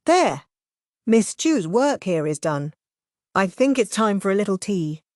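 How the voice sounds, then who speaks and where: A woman's voice: mid-range voice, very animated, unhurried, a little mellow, dry recording, clean studio sound. A woman voicing a playful, theatrical young woman who drawls and chirps in a sing-song way.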